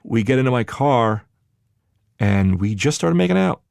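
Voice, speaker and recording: A man's voice: medium pitch, animated, normal speed, vocal fry. A young man from New Jersey telling a candid personal story, rambling with fillers and acting out what people said. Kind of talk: personal story told to a podcast.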